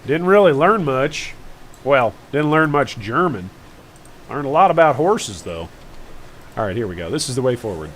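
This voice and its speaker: A man's voice: mid-range voice, sing-song, moderate pace, slight background noise. Chatty male game streamer. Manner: chatty, rambling, jokey asides to chat. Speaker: gaming streamer. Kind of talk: casual live-stream commentary.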